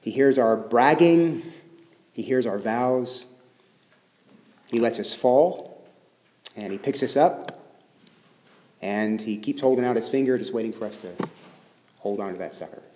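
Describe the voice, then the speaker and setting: A man preaching a sermon as pastor, talking conversationally and swinging between emphatic stresses and hushed, quiet phrases. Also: mid-range voice, measured pace, pauses often. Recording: echoey hall with long reverb.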